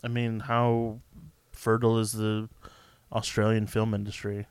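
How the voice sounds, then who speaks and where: A man co-hosting a podcast in casual chat, tossing off dry, deadpan quips. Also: on the low side, measured pace, clean tone, no room sound. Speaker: podcast co-host.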